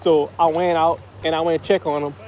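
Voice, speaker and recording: A man's voice: a little high, flat delivery, brisk, highs cut off, a little hiss or hum. A man live-streaming from a small fishing boat, chatting casually and rambling through stories, often correcting himself. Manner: rambling, self-correcting storyteller.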